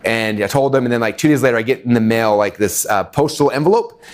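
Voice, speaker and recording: A middle-aged man telling a long personal story to a live audience, animated, with many fillers and acted-out quotes. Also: mid-range voice, fast talker. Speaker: webinar speaker. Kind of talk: energetic storytelling talk.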